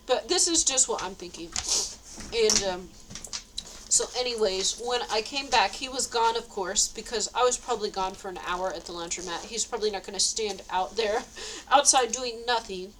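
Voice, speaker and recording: A woman's voice: mid-range voice, normal speed, background noise. A woman telling a rambling story in a casual vlog, with frequent nervous laughs. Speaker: vlogger.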